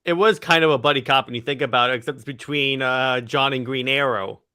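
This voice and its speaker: Bright, eager podcast guy. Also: mid-range voice, clean tone. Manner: enthusiastic, lots of "like" fillers, quick apologies. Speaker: podcast co-host. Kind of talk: casual discussion of a comic-book film.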